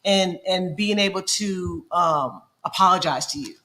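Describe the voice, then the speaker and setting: A woman's voice: on the low side, unhurried, sharp tone. A woman co-hosting a casual marriage podcast, speaking earnestly and hesitantly with many fillers. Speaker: podcast co-host. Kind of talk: casual chat.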